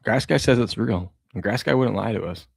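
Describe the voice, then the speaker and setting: A man's voice: lowish voice, brisk, creaky, breathy edge, no room sound. A man in his thirties co-hosting a sports talk show, chatting casually and laughing as he tells family stories. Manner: storytelling, laughs often, acts out his kids' voices. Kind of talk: casual chat.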